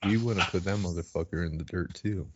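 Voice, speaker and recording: A man's voice: low-pitched, fast, lo-fi sound, background noise. A man playing a tabletop game, speaking brashly and profanely in character. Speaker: player. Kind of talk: tabletop role-play.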